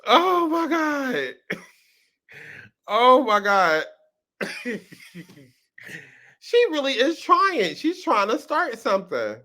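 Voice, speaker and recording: A man hosts casual reaction commentary in a high, bright, sharp-edged voice. He talks with sass, breaks into laughter often and drives his points home by repeating words. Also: very animated, very slow, pauses often. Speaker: host.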